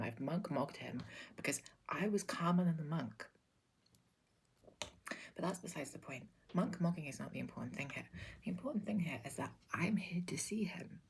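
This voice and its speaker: Deadpan whispering woman, ASMR. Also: deep voice. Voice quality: breathy whisper. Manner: deadpan absurd storytelling in whispers. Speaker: ASMR creator. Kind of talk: whispered role-play.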